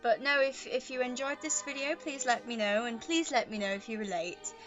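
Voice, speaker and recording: A vlogger at home, pet on her lap, rambles casually to the camera and tosses in self-deprecating comments. Her voice is fairly high at normal speed, heard through a muffled recording, with soft choir music behind it.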